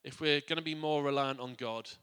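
A man preaching a sermon to a congregation. He speaks earnestly, often restarting or repeating words, and drops quiet and soft on his reflective points. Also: mid-range voice, steady tone, a little fast, clear, resonant tone. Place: church. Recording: long church hall reverb.

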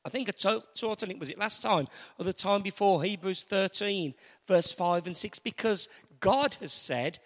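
A man preaching a sermon in a church, slowing down to declaim prayers with emphasis. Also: high voice, in a large hall.

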